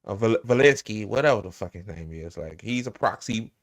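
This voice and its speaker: A man's voice: lowish voice, expressive, a little fast. A man reacting to a hearing clip with profane, laughing, rambling commentary full of stammered restarts. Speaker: reaction streamer.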